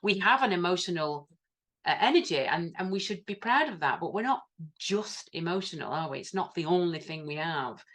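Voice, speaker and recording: A woman's voice: fairly low pitch, expressive, a little fast, fairly bright tone. A woman co-hosting a conversational podcast, reflective and affirming, often acting out quoted thoughts. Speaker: podcast co-host. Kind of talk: conversational discussion.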